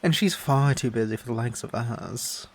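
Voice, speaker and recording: A streamer reading the game's text aloud and trading teasing, deadpan jokes with a co-host. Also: medium pitch, moderate pace, creaky, slight background noise. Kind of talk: casual game stream with narration.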